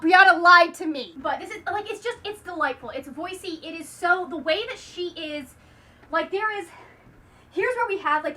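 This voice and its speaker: Brief: high, bright woman as a chatty book vlogger who gushes and rambles. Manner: gushing and chatty, full of "like" and restarts. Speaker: book reviewer. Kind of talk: casual vlog chat.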